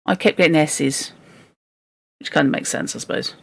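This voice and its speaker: A woman's voice: low-pitched, normal speed, gravelly, no echo. A woman hosting a book club, reading a story aloud and chatting with a self-deprecating humor. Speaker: book club reader and host. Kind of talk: casual read-aloud with chat.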